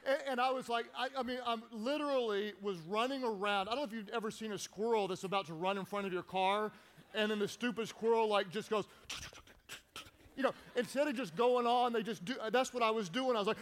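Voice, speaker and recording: A man preaching a sermon to his church, telling stories with lively acted-out shouts. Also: high-pitched, a little fast. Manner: animated storytelling with acted-out shouts. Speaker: pastor. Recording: long reverb of a large hall.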